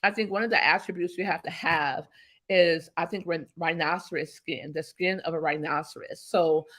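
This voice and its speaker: A woman's voice: low-pitched, fairly even intonation, moderate pace, a bit bright. A woman guest in an interview, talking emphatically and telling stories that act out past conversations. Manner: emphatic, storytelling, acts out quoted exchanges. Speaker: interview guest, business coach.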